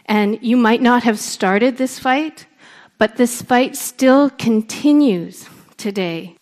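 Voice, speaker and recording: A woman from Canada, a storyteller, giving an earnest public speech with deliberate emphasis. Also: medium pitch, darkish tone. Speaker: storyteller and speaker.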